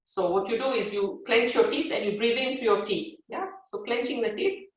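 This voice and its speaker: A woman yoga teacher leads a breathing practice at an easy, instructive pace, checking in with a soft "yeah?" between steps. She stands back from the mic, and her voice rings through a very echoey room. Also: on the high side, moderate pace, recorded from a distance. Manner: gentle instructive, frequent "yeah?" check-ins and fillers. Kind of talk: live guided yoga class. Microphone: device set back from the speaker.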